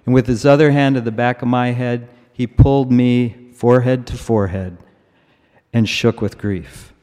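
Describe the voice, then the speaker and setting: A middle-aged man preaching a sermon in a church, slow and measured, repeating key words for emphasis. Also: mid-range voice, steady tone, mellow. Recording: long reverb of a large church.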